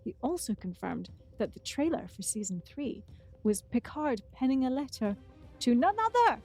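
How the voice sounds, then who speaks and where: Brisk, slightly high-voiced woman co-host. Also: very animated, mellow, faint music behind. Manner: brisk, reads the news and plugs with light humor. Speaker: podcast co-host. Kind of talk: casual chat.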